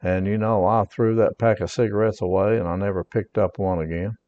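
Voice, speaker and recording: An earnest male pastor preaches a personal testimony, his voice low and mellow. He stresses his points twice over and reads scripture passages aloud. The sound is dull and lo-fi, like a home podcast recording. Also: fairly even intonation, fairly quick, long reverb tail.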